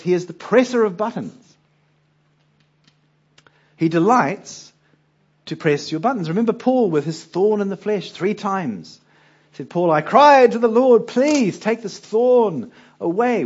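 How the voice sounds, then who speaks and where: A man's voice: high-pitched, slightly rough, highs cut off. A male preacher giving a conversational Bible teaching, often putting rhetorical questions to his listeners.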